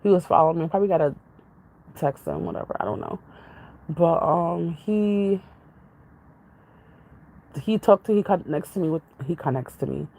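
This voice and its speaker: A woman's voice: lowish voice, animated, moderate pace, long pauses, dark tone, poor audio. A woman vlogger in casual, rambling chat with her viewers, jumping from topic to topic. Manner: jumps from topic to topic, chatty, laughs often.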